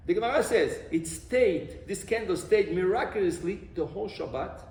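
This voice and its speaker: A man's voice: high voice, normal speed. A man giving a sermon as a rabbi, telling stories and asking rhetorical questions. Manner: animated storytelling with rhetorical questions. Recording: roomy, distant mic, faint noise.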